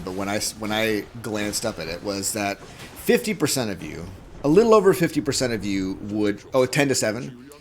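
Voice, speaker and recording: A man's voice: medium pitch, slight background noise. A man streaming a video game, chatting casually with viewers in a rambling, jokey way and chuckling at his own jokes into a desk microphone. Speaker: gaming streamer.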